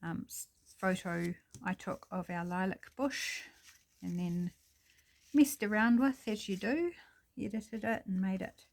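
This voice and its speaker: A woman's voice: medium pitch, measured pace, vocal fry. A woman hosting a casual crafting tutorial at her table, thinking aloud and apologizing with self-deprecating chatter as she works. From New Zealand.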